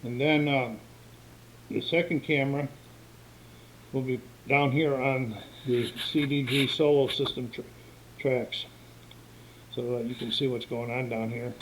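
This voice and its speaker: A man's voice: medium pitch, steady tone, measured pace, pauses often, slight background noise, low-quality recording. Older man plainly explaining a board game. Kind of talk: casual tabletop game walkthrough. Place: room at home by a game table. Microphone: camera microphone.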